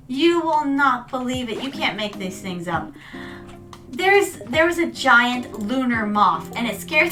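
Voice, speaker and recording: Streaming as a VTuber, this woman chats casually over a game, telling stories and addressing viewers as "my darlings." Her voice sits on the high side and comes across pushed and bright, picked up by a distant mic.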